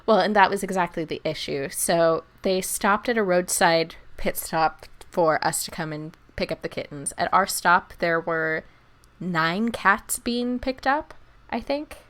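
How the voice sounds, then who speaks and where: Lively woman telling a story. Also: fairly low pitch, measured pace. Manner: animated storyteller, acts out quoted people, laughs often. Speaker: podcast co-host. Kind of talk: casual storytelling chat.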